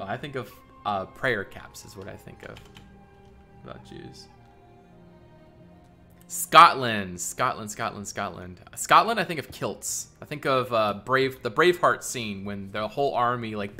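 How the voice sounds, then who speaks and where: A man on a live stream chats loosely with his viewers, rambling and thinking out loud, often breaking into laughs. His voice sits fairly low but rings bright and forceful. Quiet music plays faintly in the background. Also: normal speed, few pauses.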